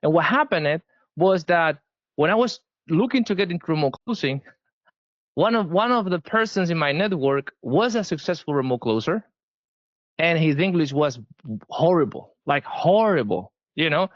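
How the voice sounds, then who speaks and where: A man's voice: a little high, expressive, moderate pace, dry recording, highs cut off. A man with a Spanish accent, a guest giving advice in a casual interview, emphatic and often repeating words as he restarts. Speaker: sales guest.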